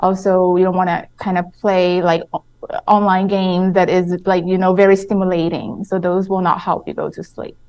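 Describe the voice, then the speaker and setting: A woman sleep-specialist doctor, a guest on a radio talk show, explaining things in a measured way with frequent pauses and restarts. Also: on the low side, level tone, darkish tone, dull audio. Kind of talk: radio interview answers.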